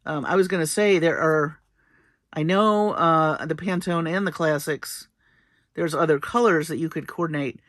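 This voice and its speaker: A woman's voice: sits low, normal speed, dry recording, clean studio sound. A woman hosting a casual jewelry-making tutorial, chatty and playful as she works through each step. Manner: chatty and playful, with small laughs. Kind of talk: casual craft demonstration.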